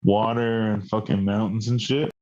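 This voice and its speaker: Casual young male co-host, mellow tone, swears freely, acts out quoted dialogue; lo-fi podcast sound. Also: lowish voice, flat delivery, moderate pace. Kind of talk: casual storytelling chat. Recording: dull lo-fi podcast audio.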